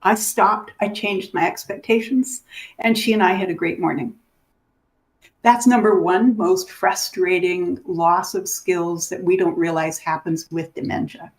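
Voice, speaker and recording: Woman dementia educator, lively storyteller, voices the people she describes. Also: lowish voice, a little slow. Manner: animated, acts out the people in her stories. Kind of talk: teaching through stories.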